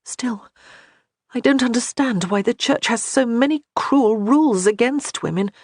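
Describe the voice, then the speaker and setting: A man reading as a troubled young noblewoman who asks soft, earnest questions. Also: very high-pitched, measured pace, no echo, pitched above the performer's own voice, full character voice.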